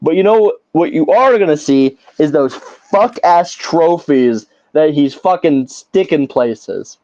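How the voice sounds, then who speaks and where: A man's voice: fairly high pitch, expressive, slow, darkish tone, no echo. Profane, ranting man on a podcast. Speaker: podcast co-host. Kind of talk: casual podcast chat. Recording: slightly dull lo-fi podcast audio.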